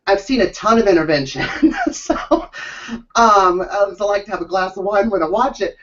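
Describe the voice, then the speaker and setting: Sarcastic co-host, off-mic and lo-fi. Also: male voice, sits high, moderate pace, fairly bright tone, far from the mic. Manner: sarcastic, mocking, giggly. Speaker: co-host of a reality TV recap show. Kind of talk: casual chat. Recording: dull sound, off the mic.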